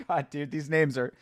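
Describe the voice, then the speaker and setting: With a husky, fairly high voice, this man hosts a casual fight-reaction stream, bantering with chat and swearing a lot. The recording is studio quality, without echo.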